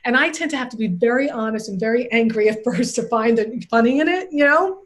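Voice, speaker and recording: High-voiced earnest woman comic. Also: a little fast. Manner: earnest, animated, reflective. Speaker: comedian and former journalist. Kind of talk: casual comedic chat.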